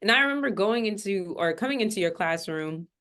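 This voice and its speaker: Brief: woman podcast host, chatty and affirming, animated casual questioning. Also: medium pitch, a little fast.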